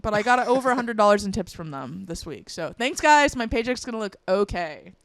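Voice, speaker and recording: A young woman with a medium-pitched, sing-song voice co-hosts a podcast, talking fairly quickly as she tells stories in a casual, chatty way with lots of fillers. The recording is dry.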